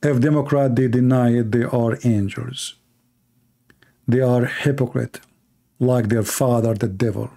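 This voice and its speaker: A man's voice: mid-range voice, steady tone, a little slow, gravelly, mellow. A man from the Middle East with an Arabic accent, preaching an emphatic sermon in short, repeated lines. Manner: emphatic, repetitive exhortation with short punchy lines. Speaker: Christian preacher. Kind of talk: fiery political sermon.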